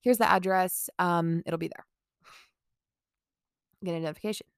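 A woman's voice: fairly low pitch, gravelly, no echo, studio quality. A young woman vlogger telling a casual storytime, rambling with lots of "like" fillers, swearing and laughing between lines.

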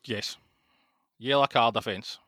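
Dry-witted Scottish podcast co-host. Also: male voice, medium pitch, unhurried, fairly bright tone, dry recording. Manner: dry, wry, understated. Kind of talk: casual podcast chat.

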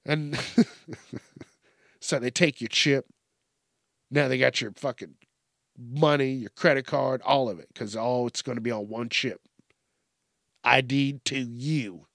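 A man's voice: medium pitch, fairly even intonation, slow pace, gravelly, long pauses, fairly bright tone, no echo, studio quality. A young man hosting a podcast, ranting casually in a blunt, heavily profane way. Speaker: podcast host. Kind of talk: casual solo rant.

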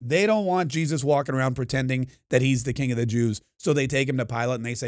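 A podcast host with a medium-pitched voice speaks quickly and with few pauses in a dry, studio-quality recording. He delivers an emphatic, opinionated monologue, acting out the voices of the people and crowds in his story.

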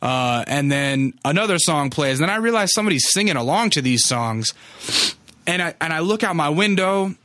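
A man's voice: fairly high pitch, lively intonation, normal speed, a bit bright, no room sound, studio quality. A young man casually telling a long story, rambling and cursing freely, with lots of filler words. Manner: rambling, profane, filler-heavy.

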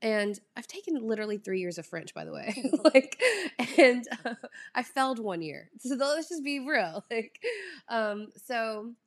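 A woman's voice: fairly high pitch, animated, a little slow. Profane ranting woman with a Southern drawl. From Southern United States. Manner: profane, ranting, laughs often. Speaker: vlogger. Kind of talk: casual chat.

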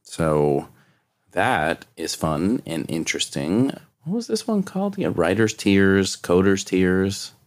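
A man's voice: deep voice, very animated, slow, no echo. A man co-hosting a podcast, chatting casually and joking while tasting whiskey. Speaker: podcast co-host.

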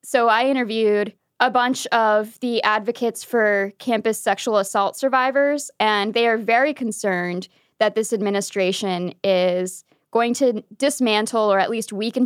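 A woman's voice: medium pitch, no room sound, studio quality. A woman co-hosting a podcast, discussing the news in a blunt, casual way and swearing freely. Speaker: podcast co-host and reporter.

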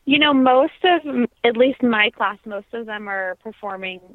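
A woman's voice: fairly high pitch, a little slow, no echo. A young adult woman, a trained opera singer, talks in a reflective, heartfelt way in a casual interview. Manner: reflective, heartfelt, many fillers. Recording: tinny phone-like sound.

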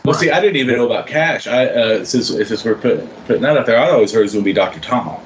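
A man, a wrestler and podcast guest, telling stories in halting, emotional casual talk with bursts of laughter. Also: medium pitch, expressive, slight background noise, poor audio. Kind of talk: casual storytelling.

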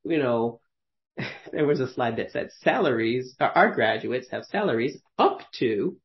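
The audio is dull, and the man's mid-range voice is animated but a little slow. In his thirties, he hosts a podcast where he tells casual, rambling stories, filling them with fillers and frequent laughter.

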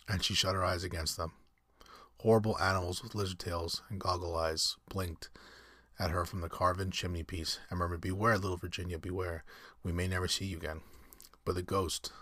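A man reading a storybook aloud at an unhurried pace, now and then stumbling and correcting himself. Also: low voice, a bit bright, slightly rough, no echo, clean studio sound. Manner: unhurried, with slips and self-corrections. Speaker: reader.

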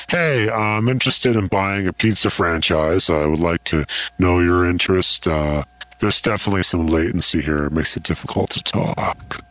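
A man's voice: a bit bright, no echo. A man talking through a live voice-effects unit and playing with it, joking and asking for changes to his sound. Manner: playful, joking impressions. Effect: voice-changing pitch effect.

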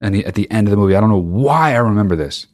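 Racing along in an animated, lowish voice, a man hosting a podcast rambles through a comedic rant full of profanity and sarcasm.

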